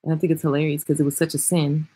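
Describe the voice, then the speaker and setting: A woman hairstylist chatting casually and frankly on a livestream, reading and answering viewer comments with animated swings in loudness. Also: low-pitched, racing, slightly rough. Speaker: hairstylist and vlogger. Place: traveling, indoors.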